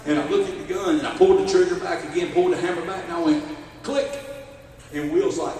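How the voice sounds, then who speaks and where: A middle-aged man with a Southern US accent, a sheriff telling a story in a keynote speech in an animated, folksy way. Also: fairly high pitch, normal speed, distant mic, a little hiss or hum. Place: church hall at a benefit dinner. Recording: echoey hall, voice from afar.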